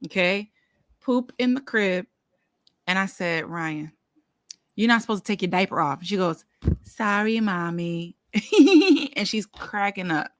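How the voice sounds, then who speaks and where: A woman guest on a panel podcast, telling a story in an animated, laughing way. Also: medium pitch, slow, pauses often, no echo. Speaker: brand strategist and podcast guest. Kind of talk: casual storytelling.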